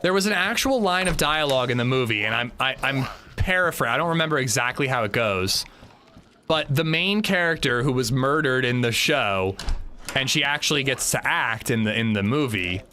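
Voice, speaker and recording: A man's voice: mid-range voice, lively intonation, normal speed, sharp tone, slight background noise. A man streaming a video game live, chatting casually and bluntly to his viewers, rambling with swearing and restarts. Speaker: gaming livestreamer. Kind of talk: casual live gameplay chat.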